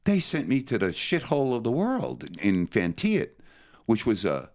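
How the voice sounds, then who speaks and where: A man's voice: medium pitch, moderate pace. An older man from New Jersey telling his story as an interview guest, acting out the voices of the people in it. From New Jersey, USA. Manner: animated, acts out other people's voices. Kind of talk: storytelling in conversation.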